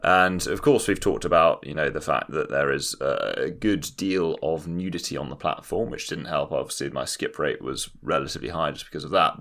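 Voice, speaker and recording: A young man from Britain co-hosts a comedy podcast. He talks in a wry, dry way and often makes fun of himself. His voice is notably low and sits deep in his chest. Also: a bit bright. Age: young adult. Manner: dry, wry and self-deprecating. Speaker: podcast co-host. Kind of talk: casual comedic chat.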